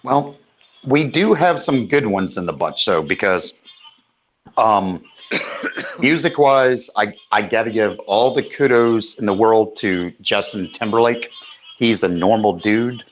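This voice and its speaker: Slow, low-voiced opinionated man. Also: expressive, muffled recording, a little hiss or hum. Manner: slow, opinionated, casual swearing. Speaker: podcast host. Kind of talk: casual podcast chat.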